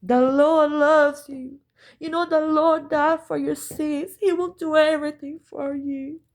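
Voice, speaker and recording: Lady putting on a high sugary churchy voice, fake sweet and soft-spoken. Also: fairly even intonation, a little slow. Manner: sweet, saccharine, mocking. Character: fake-pious sugary church-going woman.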